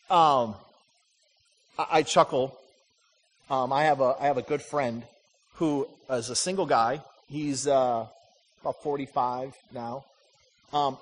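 A man preaching from the pulpit, middle-aged and high-voiced. He tells stories and drives home short repeated lines, and his words ring out with a long reverb through the church hall. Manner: animated storytelling with punchy repeated lines. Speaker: pastor. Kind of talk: sermon.

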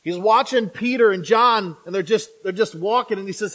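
This sermon comes from a man with a high voice for a male. Animated and conversational, he frequently tosses in "right?" and slips into the voices of people he imagines.

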